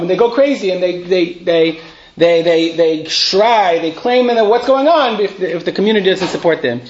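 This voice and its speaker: A man's voice: sits high, expressive, normal speed, lo-fi sound. Man teaching a Torah class. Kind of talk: live Torah class with students.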